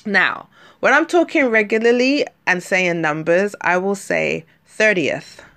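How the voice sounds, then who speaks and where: Medium in pitch and a bit bright, this woman's voice moves at a measured pace with some vocal fry. She's a London-born podcast host with a London accent and a slight lisp, rambling chattily on her own show and often filling pauses or correcting herself.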